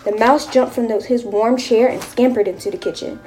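Warm, high-voiced woman reading a storybook aloud. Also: brisk, faint music behind. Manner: steady, rhythmic read-aloud pacing. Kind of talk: reading a picture book aloud.

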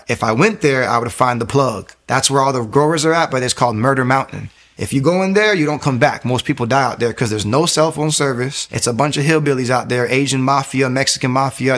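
A young man tells his own testimony in a loose, animated ramble. His pitch sits in the middle range, and he keeps restarting his sentences as he goes. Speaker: testimony speaker. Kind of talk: personal testimony.

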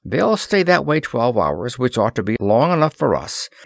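A man's voice: mid-range voice, big pitch swings, moderate pace, gravelly, dry recording, clean studio sound, pitched above the performer's own voice. A man voicing a determined male expedition leader who talks bluntly and emphatically. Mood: firm. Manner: firm, clipped, emphatic speech.

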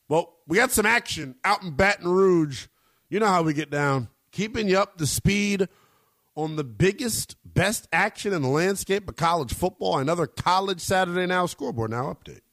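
A man hosting a college sports radio show, talking with big swoops in pitch and slangy emphasis. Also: a bit bright, no room sound, studio quality. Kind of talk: energetic sports talk radio.

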